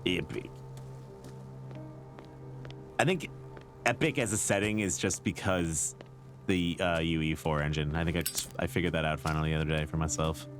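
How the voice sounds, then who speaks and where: A man's voice: sits low, a little fast, soft background music. A man streaming a video game, chatting in a laid-back, joking way. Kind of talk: casual gameplay commentary.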